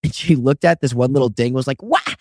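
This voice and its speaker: A man in his twenties co-hosting a podcast in casual chat, telling stories with lively high-voiced impressions of people. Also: fast talker, no room sound, clean studio sound. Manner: animated storyteller, does high-pitched impressions of others. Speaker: podcast co-host.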